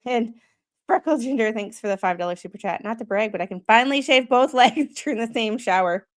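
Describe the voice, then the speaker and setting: A woman from Wisconsin, her accent plain to hear, reacts to body cam footage on a live stream. Her voice is a little high and fairly quick, and she chats straight to viewers, chuckling often.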